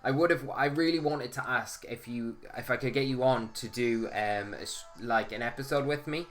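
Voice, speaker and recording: A man's voice: medium pitch, moderate pace, fairly bright tone, soft background music. A man hosting a casual live stream, chatting and greeting viewers by name.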